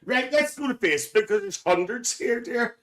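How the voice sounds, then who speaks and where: A man's voice: extremely high pitch, animated, normal speed, fairly bright tone, recorded from a distance, voice pushed up. A man playing a cheeky, gossipy older auntie, hosting a live stream and calling everyone dear. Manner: gossipy, calls everyone dear, laughs often. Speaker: livestream host. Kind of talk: live stream chat in character.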